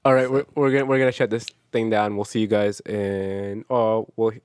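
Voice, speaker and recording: A man's voice: fairly low pitch, flat delivery, moderate pace, a little mellow, smooth, no room sound, studio quality. A man co-hosting a casual podcast, easygoing as he chats and wraps up the episode. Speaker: podcast co-host. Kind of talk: casual chat.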